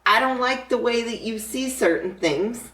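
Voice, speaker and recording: A woman's voice: on the high side, normal speed, bright, forceful tone, recorded from a distance, slight background noise. Woman podcast co-host, blunt and heated, profanity-laden political chat, roomy room away from the mic.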